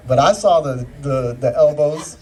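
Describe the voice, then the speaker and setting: A man's voice: a little high, measured pace, a little mellow, far from the mic. A man doing a stand-up comedy set with crude, confessional punchlines.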